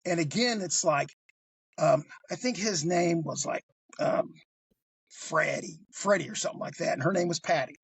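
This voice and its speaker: Man, podcast storyteller, animated, swears a lot, husky voice, dry close sound. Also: fairly high pitch, moderate pace, no room sound. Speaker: guest storyteller.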